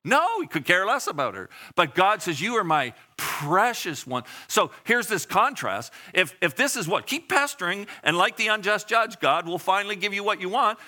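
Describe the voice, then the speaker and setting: A man's voice: high-pitched, big pitch swings, normal speed, few pauses, bright, forceful tone. A man preaching a sermon in a conversational way, asking the congregation questions and acting out short voices. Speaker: pastor.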